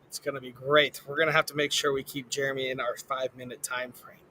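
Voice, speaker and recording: A man's voice: medium pitch, level tone, fast, sharp tone, slight background noise, low-quality recording. A man hosting a live talk show. He reads sponsor mentions, stumbling and restarting now and then, and leans hard on names before bringing out the guests. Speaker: host.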